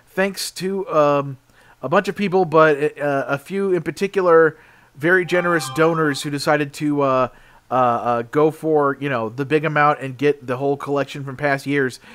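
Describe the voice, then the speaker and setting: A man's voice: a little high, fairly even intonation, moderate pace, fairly bright tone. Sleepy, rambling man co-hosting. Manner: rambling, chatty, filler-heavy. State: sleepy, yawning. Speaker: podcast co-host. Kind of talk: casual podcast chat.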